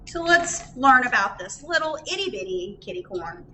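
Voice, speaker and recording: Animated woman reading aloud to children. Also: high voice, normal speed, a little hiss or hum. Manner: animated, sing-song, asks children questions. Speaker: children's librarian. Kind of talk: storytime read-aloud for children. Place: library room. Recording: roomy echo.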